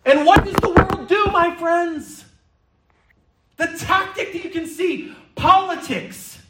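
A man preaching a sermon in a church hall, lively and theatrical, sometimes slipping into mock-panicked voices. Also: very high-pitched, takes it slowly, far from the mic, very noisy. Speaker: pastor.

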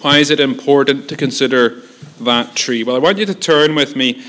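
Earnest preacher, emphatic. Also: male voice, medium pitch, moderate pace, a bit bright. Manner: earnest, emphatic preaching with repetition and rhetorical questions. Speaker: pastor. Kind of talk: sermon.

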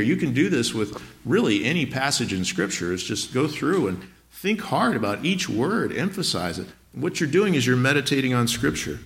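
A man preaching a sermon in an easygoing, conversational way. He speaks earnestly at a middle pitch and often asks the congregation questions. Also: fairly bright tone. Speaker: pastor.

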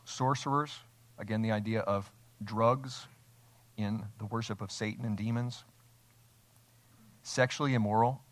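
A man preaching an expository sermon as a pastor, speaking with emphasis and asking his congregation rhetorical questions. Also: on the low side. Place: church, streamed online.

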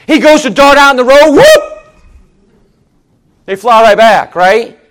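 A middle-aged male pastor preaching a sermon in a conversational way, repeating his phrases and swinging between emphatic rises and low, quiet asides. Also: expressive, normal speed, smooth.

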